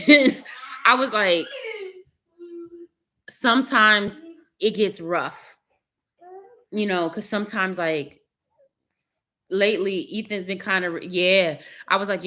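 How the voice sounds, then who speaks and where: A young adult woman with an African American English accent, chatting casually to camera as a mother vlogger, animated, emphatic and often laughing. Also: lowish voice.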